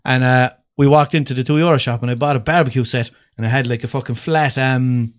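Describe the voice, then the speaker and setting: A young Irish man, a podcast guest, telling a story in casual chat, animated and swearing freely. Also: mid-range voice, quick pace.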